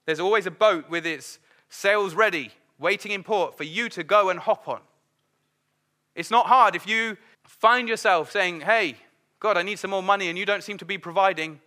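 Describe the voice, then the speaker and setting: Middle-aged man, sermon, conversational, acts out quotes; high, bright voice. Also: moderate pace. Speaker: preacher.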